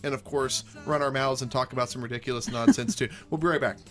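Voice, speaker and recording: A man hosting a talk radio show, animated and joking, repeating points for emphasis. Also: mid-range voice, fast.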